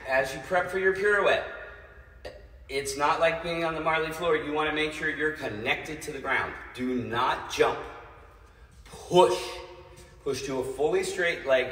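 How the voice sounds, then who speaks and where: A man's voice: medium pitch, a bit bright. Ballet guy teaching from his living room, keeps saying "yes?", echoey and far from the mic. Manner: counts out steps in rhythm, checks in with "yes?". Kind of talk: streamed ballet class instruction. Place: home room, dancing away from the camera. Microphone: phone or camera mic from across the room. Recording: roomy, distant, with piano music. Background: piano music playing.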